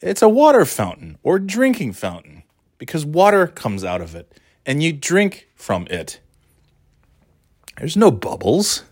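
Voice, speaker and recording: A man's voice: a little high, wildly swooping pitch, normal speed, no echo. Rambling self-mocking man, dry sound. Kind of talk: casual rambling monologue.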